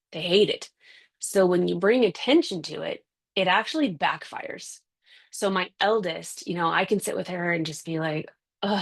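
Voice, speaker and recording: A woman parenting coach talking from home on a video call, chatty and quick to act out everyday scenes. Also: lowish voice, creaky. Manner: chatty, acts out scenes with voices. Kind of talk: casual interview answer. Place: home with kids and a dog nearby.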